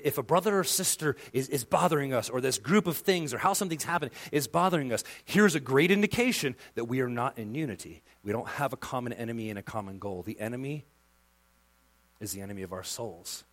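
A male pastor preaching a sermon with passion, dropping to a hush and then rising to loud emphasis. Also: mid-range voice. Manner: impassioned, swings from hushed to loud emphasis.

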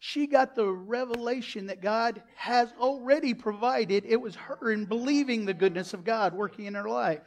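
Animated male preacher. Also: very high voice, normal speed, few pauses. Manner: animated preaching, loud bursts and acted-out quotes. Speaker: pastor. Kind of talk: sermon.

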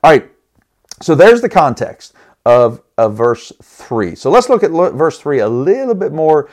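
A man's voice: fairly high pitch, big pitch swings, a little slow, a little mellow. A man teaching the Bible on a podcast in a conversational, earnest way, often restarting his words and putting questions to the listeners. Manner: appeals to listeners with rhetorical questions.

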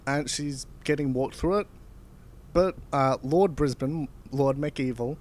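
A man casually retelling a film's plot on a podcast, relaxed and loose, with fillers. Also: mid-range voice, slow. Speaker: podcast co-host recapping a film. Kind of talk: casual chat.

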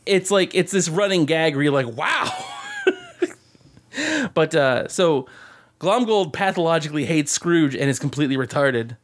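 A podcast co-host with a fairly high voice and moderate pace rambles through stories in casual chat, swearing a lot and laughing often.

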